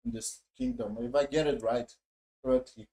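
A man's voice: mid-range voice, very animated, moderate pace, creaky, warm tone. A man reviewing a show in a profane, mocking, exasperated casual rant. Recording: echoey room.

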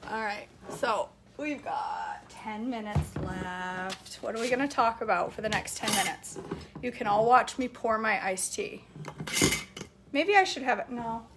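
A chatty woman with a slightly high voice talks casually through a home-kitchen cooking stream. She laughs easily and reads viewers' comments aloud as she goes. A faint hiss of noise sits under the recording. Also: lively intonation, unhurried. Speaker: cooking vlog host. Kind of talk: casual live cooking chat.

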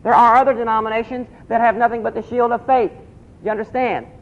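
A man's voice: extremely high pitch, fairly even intonation, fast talker. A man preaching a sermon, asking the congregation questions and repeating key phrases. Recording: dull lo-fi recording.

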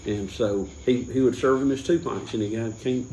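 A man's voice: medium pitch, normal speed, dark tone. A man rambling through a casual beer-tasting chat, stopping and restarting as he tells a joke. His mid-range voice sounds echoey, with a faint hiss behind it. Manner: rambling, full of restarts and chuckles.

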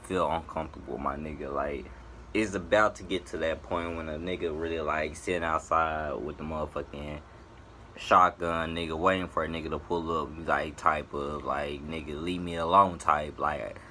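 Male vlogger, bright and tense tone, exasperated profane rant to camera. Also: fairly even intonation, moderate pace, slight background noise. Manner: profane, exasperated ranting, swinging up and down in pitch. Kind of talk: ranting to camera.

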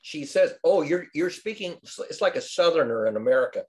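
Animated older man telling stories. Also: a little high, brisk. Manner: lively storyteller, animated and wry. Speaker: study group participant. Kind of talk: casual group discussion.

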